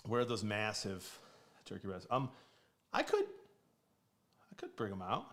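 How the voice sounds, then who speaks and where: A man hosting a casual live stream from his home kitchen, upbeat and joking, quick to laugh. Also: on the low side, wildly swooping pitch, fairly bright tone. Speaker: streamer host.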